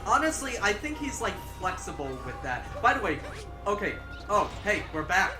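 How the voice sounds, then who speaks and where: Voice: mid-range voice, sing-song, moderate pace. A player making wisecracks and laughing hard during a casual game playthrough. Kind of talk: casual let's play chat. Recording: roomy with gameplay music.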